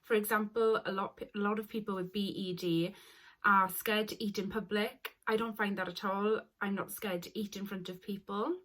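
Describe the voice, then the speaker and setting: A woman's voice: mid-range voice, steady tone, moderate pace, a bit bright. Emotional young woman vlogging. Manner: emotional, apologetic, earnest. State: tearful at times. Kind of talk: personal confessional story.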